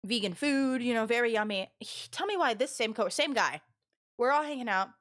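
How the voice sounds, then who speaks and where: A young woman streaming live, telling rambling stories to her chat in a loud, animated way with lots of fillers. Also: fairly high pitch, brisk. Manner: loud and expressive. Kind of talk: casual storytelling to a live chat.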